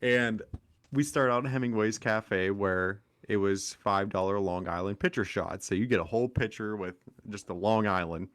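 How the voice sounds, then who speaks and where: A young man co-hosting a podcast, telling a rambling, animated story in casual chat. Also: lowish voice, normal speed, dry recording, studio quality. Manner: rambling, animated anecdote with acted quotes. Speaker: podcast co-host.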